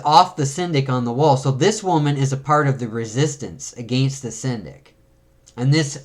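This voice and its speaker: In a mid-range voice, a man goes through a comic page by page in casual chat, reading the panels aloud and putting on quick voices for the characters.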